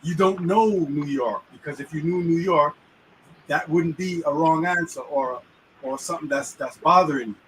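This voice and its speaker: A man's slightly high, a-bit-bright voice moves at a moderate pace as he hosts an easygoing talk about the weekly Torah portion. He uses street slang and keeps asking whether the listener follows. It's recorded inside a moving car on a distant mic, with faint road noise.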